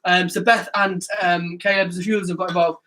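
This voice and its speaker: A man with a high, bright, forceful voice hosts a casual youth live stream. He teases his co-host, laughs often and eggs him on. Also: flat delivery, fast. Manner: teasing, laughing, egging on. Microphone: live stream mic.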